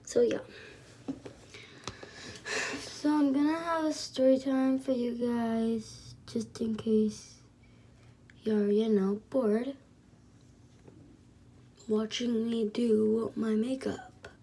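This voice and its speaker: A woman casually telling a story to her viewers while doing her makeup, soft-spoken and rambling with lots of fillers. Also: fairly high pitch, fairly even intonation, very slow, pauses often. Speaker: vlogger.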